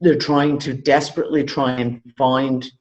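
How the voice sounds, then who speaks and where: A man's voice: mid-range voice, flat delivery, normal speed, a little mellow. A man co-hosting a live online talk show, casual and loose, trailing off mid-thought and swearing freely. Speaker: podcast co-host. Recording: dull lo-fi call audio.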